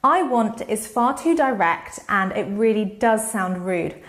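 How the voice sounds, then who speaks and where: A woman teaching an online lesson, with clear, expressive delivery and sweeping intonation. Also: mid-range voice, unhurried. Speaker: English teacher.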